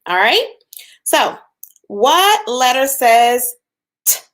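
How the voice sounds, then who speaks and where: A woman teaching a phonics lesson to young children, patient and encouraging, sounding out letters slowly. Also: medium pitch, very animated. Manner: slow, patient, drawn-out sounds with encouraging praise.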